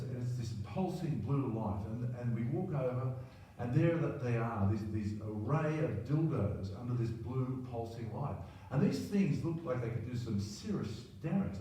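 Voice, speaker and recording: Older Australian man, mellow tone, rambling self-deprecating storyteller, echoey room. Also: mid-range voice. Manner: rambling, self-deprecating, keeps adding "right?". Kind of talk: personal anecdote monologue. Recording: very roomy, distant mic, faint ambience.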